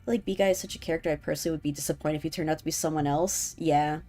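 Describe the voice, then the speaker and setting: A woman's voice: sits low, steady tone, very fast, dark tone, faint music behind. Giddy woman streamer gushing over a game. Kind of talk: casual game commentary and reading aloud.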